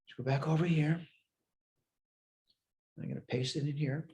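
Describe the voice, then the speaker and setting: A man with a mellow, darker tone walks through a math lecture step by step. He thinks aloud and checks his own work as he goes. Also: fairly high pitch, steady tone, normal speed, muffled recording. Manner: talks through worked steps aloud, self-checking. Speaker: math instructor.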